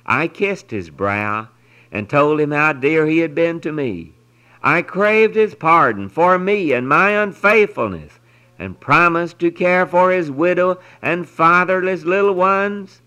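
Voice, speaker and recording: Slow, earnest male devotional reader. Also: medium pitch, rough recording. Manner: earnest, expressive storytelling with solemn pauses. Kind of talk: reading a devotional story aloud.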